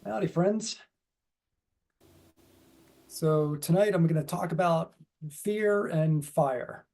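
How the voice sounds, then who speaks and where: A man's voice: fairly high pitch, slow, dark tone. A man giving a dharma talk in a casual, rambling way with many fillers and restarts. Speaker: dharma speaker.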